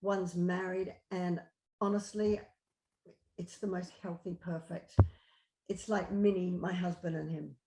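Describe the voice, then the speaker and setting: A woman's voice: fairly low pitch, steady tone, a little slow, noisy background. A middle-aged woman, a life coach, talking earnestly and encouragingly to a client. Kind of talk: coaching conversation. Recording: echoey room.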